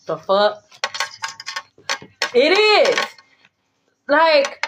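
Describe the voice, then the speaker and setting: A woman's voice: high voice, big pitch swings, slow pace, long pauses, a bit bright, a little hiss or hum. A woman tarot reader talking to her viewers in a casual spiritual monologue, blunt, profane and emphatic. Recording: dull lo-fi recording.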